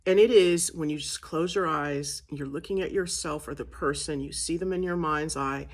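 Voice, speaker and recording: A woman's voice: sits low, moderate pace. Earnest woman teaching a spiritual exercise. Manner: earnest, repetitive, bursts into shouting during demonstrations. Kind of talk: casual spoken teaching to camera.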